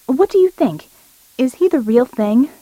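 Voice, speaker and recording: A woman's voice: high-pitched, lively intonation, a little slow, warm tone, no room sound, dull audio, pitched above the performer's own voice. A woman voicing a hesitant male team leader in a dry, close recording. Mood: uneasy. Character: male team chief, uneasy.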